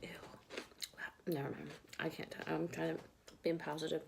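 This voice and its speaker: A woman's voice: low voice, steady tone, a little fast, gravelly. Woman vlogger, rambling and chatty between bites, recorded at home with audible noise. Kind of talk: casual eating vlog chat. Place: home, at a table with dogs nearby.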